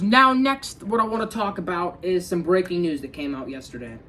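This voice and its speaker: A man's voice: on the high side, a bit bright, slight background noise. A young man talking casually about football, rambling with many restarts and fillers like dude and bro, sounding tired. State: tired, yawning. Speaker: sports fan vlogger. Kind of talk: casual sports talk.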